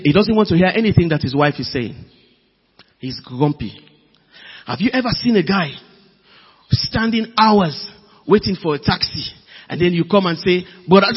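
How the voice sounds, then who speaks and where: Preacher, male, high and husky, lively delivery; dull recording, long hall echo. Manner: animated, emphatic preaching with sudden loud bursts. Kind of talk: sermon.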